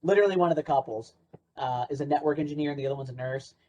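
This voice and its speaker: A man's voice: fairly high pitch, rapid-fire, darkish tone, slight background noise. A man presenting an interactive workshop in a playful, sarcastic way. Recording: dull lo-fi recording.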